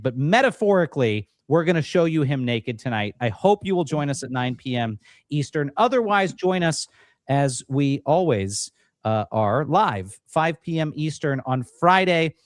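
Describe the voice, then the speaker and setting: Male political host for a livestream, animated and mocking, dry voice, lots of pitch movement. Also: no room sound.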